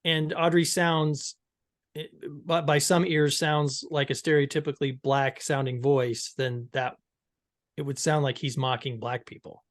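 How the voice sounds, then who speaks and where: A podcast co-host with a mid-range voice and fairly even intonation speaks at normal speed in a casual discussion. He's curious and easygoing, asking lots of questions and laughing easily. The audio is clean studio sound with no room echo.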